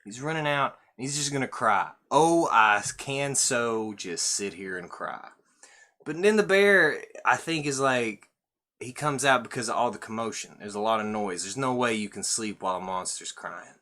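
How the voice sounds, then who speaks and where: A man's voice: medium pitch, normal speed, bright, forceful tone. A man reading a picture book aloud and joking about it with irreverent, profane commentary. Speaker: storyteller host.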